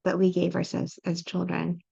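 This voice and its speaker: Earnest woman coaching parents, gravelly edge. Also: lowish voice, completely flat delivery, normal speed, dark tone, no echo, muffled recording. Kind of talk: webinar talk.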